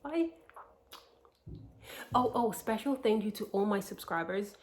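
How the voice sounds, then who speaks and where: A woman's voice: mid-range voice, lively intonation, unhurried. A young American woman vlogging, chatting to her viewers in a rambling way with lots of fillers and restarts. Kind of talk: casual chat to camera. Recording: echoey room.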